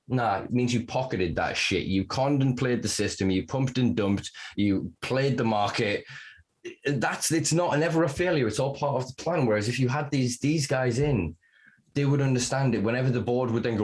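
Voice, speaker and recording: A man talking as a guest on a podcast, loose and conversational. He rants with heavy swearing, pushes his points hard, and laughs darkly at grim facts. His voice sits at an ordinary middle pitch. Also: a little fast. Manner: animated, profane ranting; laughs to cope.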